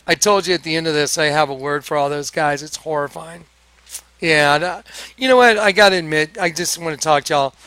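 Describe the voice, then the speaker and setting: An excitable man tells a story straight to his viewers and acts out each exchange. His voice sits high with a bright, forceful edge. The recording is dry and close to the mic. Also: a little fast, clear, resonant tone, no echo. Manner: excitable, acts out quoted dialogue. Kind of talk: animated storytelling monologue.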